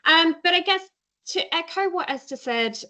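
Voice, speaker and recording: A woman's voice: very high-pitched, lively intonation, moderate pace, sharp tone. A woman from Britain, a chartered accountant, giving a light-hearted webinar talk over a video call. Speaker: guest speaker, chartered accountant. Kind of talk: webinar presentation.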